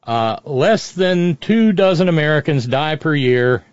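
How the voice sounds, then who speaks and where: A man's voice: fairly high pitch, animated, unhurried, no room sound. A man giving off-the-cuff political commentary, sardonic and profane, rambling with frequent restarts. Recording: dull, dry lo-fi audio.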